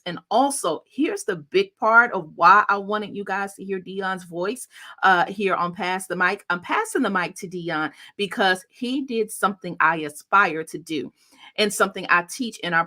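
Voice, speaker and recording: A woman's voice: medium pitch, sharp tone. A woman hosting a casual online livestream, introducing a guest with upbeat, effusive hype. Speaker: host and content coach.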